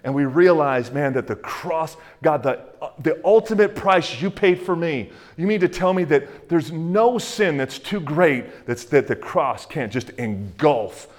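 A male pastor giving a conversational sermon with plenty of fillers and acted-out quotes, then dropping to a hushed voice to pray. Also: on the high side, animated, a little slow, few pauses. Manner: drops to a hushed, soft voice in prayer.

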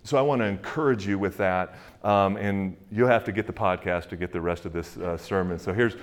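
A male pastor giving a conversational sermon with plenty of fillers and acted-out quotes, then dropping to a hushed voice to pray. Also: low voice, fairly quick. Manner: drops to a hushed, soft voice in prayer.

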